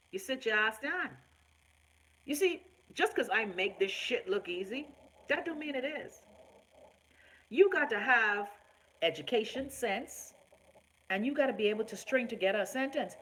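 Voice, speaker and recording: A woman's voice: mid-range voice, fairly bright tone, low-quality recording. A woman from the Bahamas with a Bahamian accent, hosting a live online talk show in an outspoken, profane, casual style while reacting to viewer comments. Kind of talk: casual live-stream rant.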